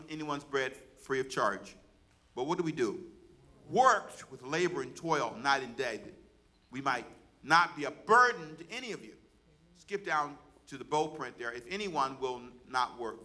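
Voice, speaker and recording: A man, a pastor, preaching a sermon and calling on the congregation to repeat words back to him. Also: fairly high pitch. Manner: preaching with call-and-response to the congregation; loud, rising exhortation.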